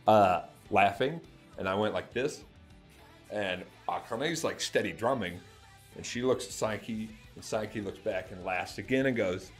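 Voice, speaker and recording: A man hosting a music reaction channel, telling an excited story to camera, laughing often and breaking into shouts. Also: lowish voice, measured pace.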